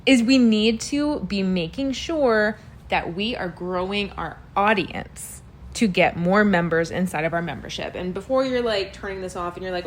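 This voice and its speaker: A woman hosting her own podcast, talking casually in a chatty, animated way that includes casual swearing, recorded on a built-in device mic in a slightly echoey room. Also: mid-range voice, normal speed, a little hiss or hum. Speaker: podcast host. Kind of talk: casual solo podcast chat. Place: room that sounds a little echoey. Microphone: built-in device mic, external microphone left unplugged.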